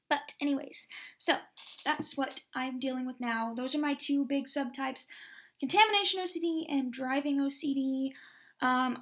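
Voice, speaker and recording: Vlogger, woman, 20s, from Texas. Slightly high voice with heavy vocal fry. Candid and rambling, lots of "like.". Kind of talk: personal story vlog.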